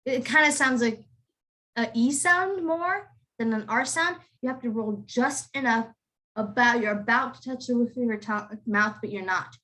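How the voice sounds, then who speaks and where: A young accent tutor speaks to kids in an online pronunciation lesson, her voice a little high and sharp in tone, moving at a moderate pace. Over the video call she explains patiently and repeats model words.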